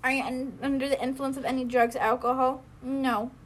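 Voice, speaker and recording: A woman's voice: high voice, little pitch movement, fairly quick, slight background noise. A young woman reading her own old story aloud for laughs, often breaking into giggles. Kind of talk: comedic dramatic reading with laughter.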